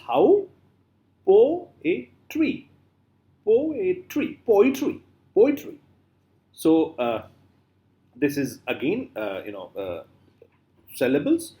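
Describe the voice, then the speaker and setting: Middle-aged male professor, lively intonation, repeats words slowly for students, lots of fillers. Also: on the high side. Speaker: literature lecturer. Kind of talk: classroom lecture.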